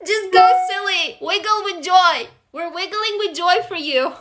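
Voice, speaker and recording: A woman with a high voice hosts a casual livestream from her phone. She reads viewers' stories aloud and then gushes at her audience between them, swearing freely. Her tone is bright and sharp. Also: unhurried, slight background noise. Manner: excitable, gushing and freely swearing. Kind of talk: casual livestream chat and story reading.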